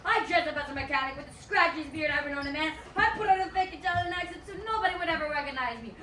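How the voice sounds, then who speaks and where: Stage villain: shrill, fast, vengeful coach played by a woman, echoey theatre from far off. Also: animated, pushed and bright, a little hiss or hum. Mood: ranting. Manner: ranting, vengeful confession. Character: spiteful scheming rival coach, woman. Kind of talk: live stage play acting.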